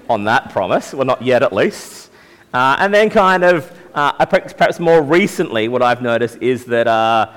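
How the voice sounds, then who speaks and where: A young man giving a gentle, conversational sermon to young people as their pastor, with many fillers. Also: mid-range voice. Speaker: youth pastor. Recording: long hall reverb.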